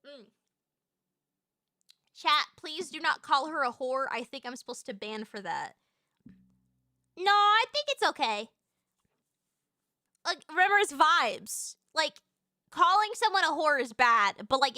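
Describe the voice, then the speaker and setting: A woman's voice: sits high, animated, unhurried, long pauses, sharp tone, dry recording, clean studio sound. A woman streamer in casual, bubbly, profane chat with her viewers.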